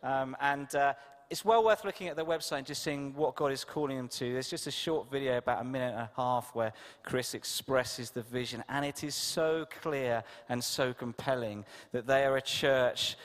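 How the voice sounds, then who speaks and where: Halting church leader, hall echo. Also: male voice, medium pitch. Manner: halting, many fillers. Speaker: church leader introducing guest. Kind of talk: church introduction. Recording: long church hall reverb.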